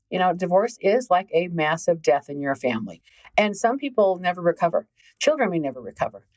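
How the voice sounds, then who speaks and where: A woman's voice: on the low side, a little mellow, poor audio. A middle-aged woman hosting a relationship podcast, talking casually and emphatically, repeating words for stress. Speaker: host, relationship healing coach.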